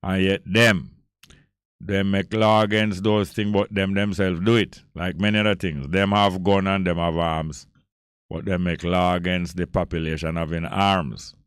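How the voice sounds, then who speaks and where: Deep-voiced Jamaican man on talk radio. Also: little pitch movement, measured pace, smooth, no echo, clean studio sound. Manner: emphatic, repeats phrases for force. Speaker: radio host.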